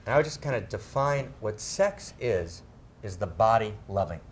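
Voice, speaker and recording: A middle-aged man speaking to a live audience, emphatic, often tagging his phrases with "right?" and slowing down to stress key words. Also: on the low side, expressive, a little hiss or hum. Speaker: speaker on spirituality and sexuality. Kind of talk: animated talk to a live audience.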